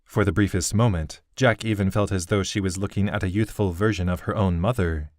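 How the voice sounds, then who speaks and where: Deep-voiced man reading a fantasy novel. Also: fairly quick, no echo, clean studio sound. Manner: even, steady storytelling. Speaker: audiobook narrator. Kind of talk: scripted narration.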